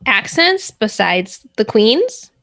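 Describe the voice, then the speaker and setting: A woman's voice: fairly high pitch, very animated, slow pace, fairly bright tone. A woman co-hosting an improvised comedy show, agreeable and a little hesitant. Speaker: co-host. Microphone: video call.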